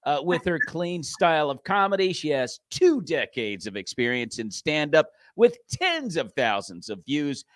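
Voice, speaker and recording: A man's voice: on the high side, sing-song, a little slow, few pauses. A man hosting a live talk show, introducing and interviewing a guest in an upbeat, hyping manner.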